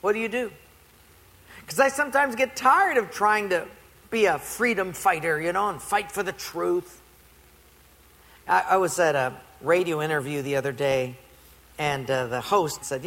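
A middle-aged male pastor preaching a sermon to a congregation, telling stories in an animated, playful way. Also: high voice, moderate pace, pauses often. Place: church before a congregation. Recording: long hall reverb.

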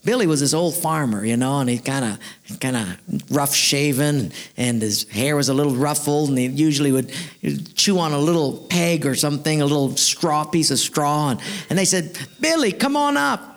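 A man in his thirties preaching a sermon, telling stories in an animated way. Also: a little high, moderate pace. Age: 30s. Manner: animated storyteller, acts out voices. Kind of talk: storytelling sermon.

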